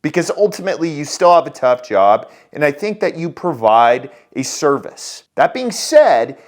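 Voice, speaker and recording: A man's voice: on the high side, sing-song, normal speed. A man hosting a profane political commentary, blunt and mocking. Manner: blunt, swearing, mocking impressions. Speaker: host.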